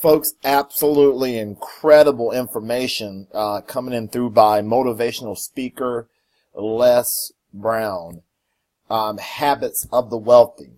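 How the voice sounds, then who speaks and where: A man's voice: medium pitch, normal speed, a little mellow. A man hosting a product review vlog, enthusiastic and dotted with uh and um fillers. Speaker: video host.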